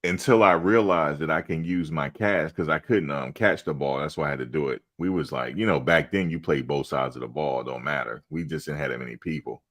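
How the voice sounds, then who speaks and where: A middle-aged man with a rumbling low, fairly bright voice hosts a fan live stream, talking briskly with few pauses in a laid-back, chatty way, telling stories and laughing often.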